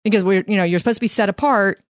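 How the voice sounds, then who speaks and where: A woman's voice: medium pitch, very fast, no echo, clean studio sound. Chatty woman musing over questions. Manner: questioning, wondering aloud, chatty. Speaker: Bible study co-host. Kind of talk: casual Bible study chat.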